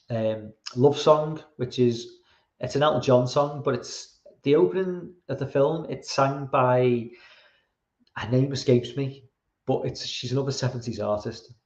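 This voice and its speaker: A man's voice: mid-range voice, darkish tone, roomy sound, muffled recording. Rambling British man reviewing films. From Britain. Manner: rambling, halting, swears casually. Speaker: podcast host. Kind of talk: casual rambling film review.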